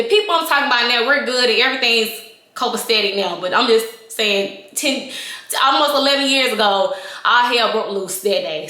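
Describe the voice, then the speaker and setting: Young woman vlogger, bright and higher-pitched, candid storytime in an echoey room. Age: young adult. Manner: animated, reenacting scenes with voices and gestures; chatty and candid, addressing viewers directly. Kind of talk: casual storytime vlog.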